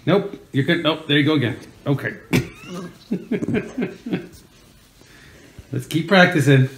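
A father talks gently to his baby as he coaches it to sit up, unhurried and encouraging. His voice sits a little high and he speaks very slowly. The room rings with echo over a faint hiss. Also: sing-song. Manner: slow, patient, encouraging. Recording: echoey room, faint noise.

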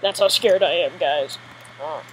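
A woman commentating her own gameplay live, excitable and jittery, often giggling. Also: low-pitched, unhurried, slight background noise, rough recording. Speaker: gamer.

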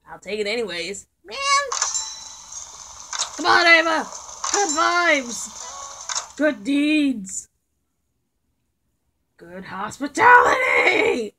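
A woman giving playful, joking commentary while playing a video game, often breaking into excited exclamations. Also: a little high. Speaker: gaming video creator. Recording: clear game music behind voice. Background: game music.

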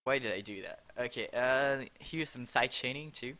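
This young producer's mid-range voice is bright and forceful as he casually explains his track in a screen-recorded tutorial. He halts often, correcting himself and laughing at his own fumbles.

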